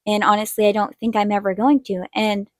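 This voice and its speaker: A young woman hosting an art video, telling a personal story in a chatty way and acting out quotes in a higher voice. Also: level tone, fairly quick, no room sound, clean studio sound. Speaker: art channel host. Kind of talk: casual storytelling while drawing.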